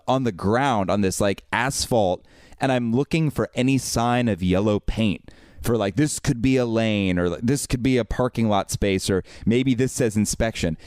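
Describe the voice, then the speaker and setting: A man co-hosting a podcast, telling a long story in an exasperated, animated way with many fillers and restarts. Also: fairly low pitch, moderate pace, clear, resonant tone, no room sound, studio quality. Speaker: podcast co-host. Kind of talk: casual storytelling chat.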